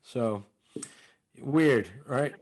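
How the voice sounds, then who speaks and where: A comedian and impressionist talking as a podcast guest, telling stories in an animated way and slipping in and out of voices. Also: male voice, medium pitch, drawn-out words. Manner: animated storyteller, slips into impressions. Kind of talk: casual interview chat.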